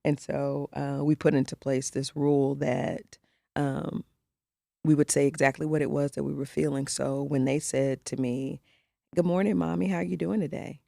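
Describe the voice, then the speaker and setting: A woman's voice: a bass voice, little pitch movement, normal speed, vocal fry, warm tone, no room sound, clean studio sound. A middle-aged woman co-hosting a podcast, telling a personal story in candid casual conversation and acting out the voices of the people she quotes. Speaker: podcast co-host.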